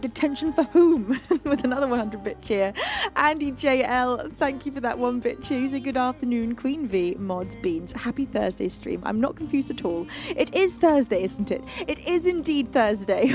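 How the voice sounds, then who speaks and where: A woman's voice: on the high side, normal speed, darkish tone. A woman from the UK hosting a live music stream, greeting her chat with gushing, affectionate names while recovering from a lost voice. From United Kingdom. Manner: gushing, affectionate, calls viewers beans.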